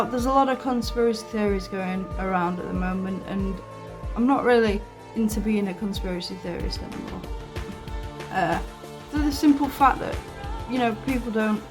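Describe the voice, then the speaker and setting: A woman's voice: mid-range voice, normal speed, music in the background. A woman hosting an online video, talking casually and rambling, with many fillers, asides and some swearing. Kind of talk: casual commentary to camera.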